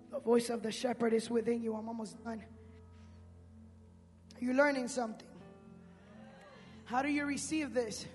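A male pastor preaching a sermon in street slang, swinging between shouts and hushed speech. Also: extremely high pitch, level tone, normal speed, long pauses. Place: church sanctuary. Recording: reverberant hall with music.

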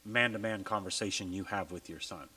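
A man with a low voice hosting a casual podcast, blunt and swearing freely. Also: a little fast, sharp tone, breathy edge, rough recording. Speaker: podcast host.

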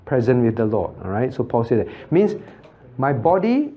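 A man's voice: mid-range voice, sing-song, moderate pace, dull audio. Pastor quizzing his Bible class. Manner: quizzes the class with frequent questions and tag checks like "right?"; chuckles often while explaining. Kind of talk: interactive Bible study teaching.

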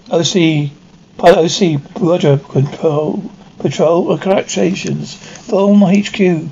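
Male reader, high voice, narrates and voices all parts plainly; lo-fi home-style recording. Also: measured pace, vocal fry, a little mellow, husky. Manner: unpolished reading with frequent slips and restarts. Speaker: audio describer and reader. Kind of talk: reading a described episode aloud, voicing all parts plainly. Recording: dull lo-fi recording with faint noise.

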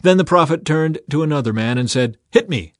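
Measured male scripture reader, dry sound. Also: dry recording. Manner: measured, quotes read a little higher and louder. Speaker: Bible reader.

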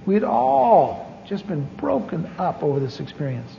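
High-voiced pastor in a reverberant hall. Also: male voice, sing-song, normal speed, gravelly, a little hiss or hum. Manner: humorous, self-mocking storytelling. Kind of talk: storytelling sermon. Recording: dull lo-fi recording with long hall reverb.

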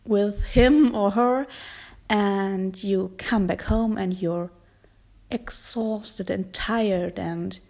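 A young woman hosts her own podcast with a noticeable German accent. She talks slowly and thoughtfully at a middle pitch, pausing often to find her words. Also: gravelly, dark tone. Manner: slow, thoughtful, pauses and hesitations. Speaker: podcast host. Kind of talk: casual solo podcast talk.

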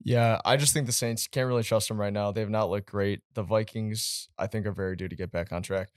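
A young man hosting a casual sports podcast, upbeat and quick to laugh. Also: fairly low pitch, fairly even intonation, no echo, clean studio sound. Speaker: podcast host.

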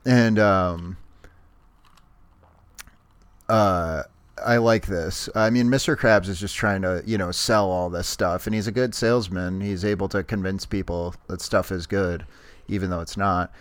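A man's voice: deep voice, fairly even intonation, moderate pace, clean tone, dry recording. A man co-hosting a podcast, casually recapping a cartoon episode and acting out quoted lines in playful voices. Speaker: podcast co-host.

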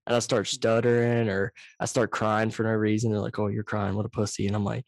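A man hosting a casual podcast over a video call, telling stories in an animated, profane way, very close to his microphone. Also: fairly low pitch, fairly quick, creaky, no room sound. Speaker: podcast host. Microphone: too close to the microphone, loud.

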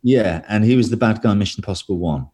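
A man's voice: on the low side, fast talker, dark tone. A man telling rambling, self-deprecating stories as a guest in a casual interview.

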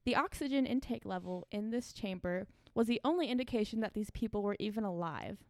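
A woman's voice: mid-range voice, fairly quick, darkish tone, dry recording. A woman co-hosting a casual podcast, reading a creepy story aloud with fillers and frequent laughs.

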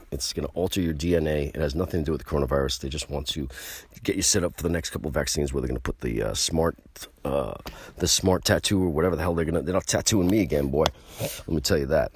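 A man's voice: extremely low pitch, breathy edge, no room sound. A man ranting casually to the camera in a rambling, profane, emphatic way.

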